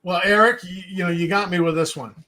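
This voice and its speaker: A man's voice: high-pitched, steady tone, fairly quick, a crowd in the background. A man co-hosting a casual chat, who trades jokey, good-humored banter. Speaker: co-host.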